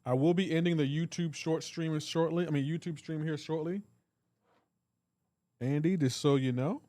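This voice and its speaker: A man's voice: fairly high pitch, fairly even intonation, moderate pace, mellow, no room sound. A man hosting a live game stream, chatting casually and joking while reading and answering chat messages. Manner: joking, reads chat aloud.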